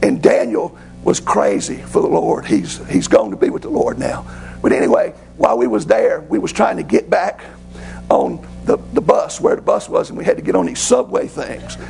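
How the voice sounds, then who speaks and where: A man, a pastor preaching a sermon through folksy, excitable personal stories. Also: high-pitched, moderate pace, gravelly, faint music behind, poor audio. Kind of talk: sermon storytelling.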